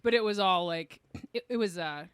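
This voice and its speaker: A woman's voice: lowish voice, normal speed, fairly bright tone, clear, resonant tone, dry recording, studio quality. A woman comedian co-hosting a podcast, telling rambling, self-mocking stories in casual chat. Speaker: stand-up comedian and podcast co-host.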